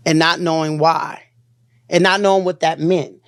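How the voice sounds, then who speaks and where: A woman's voice: low-pitched, fairly even intonation, normal speed, no echo. Emotional woman in a dry, close interview. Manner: emotional, searching, repeats herself. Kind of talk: interview recounting a personal ordeal.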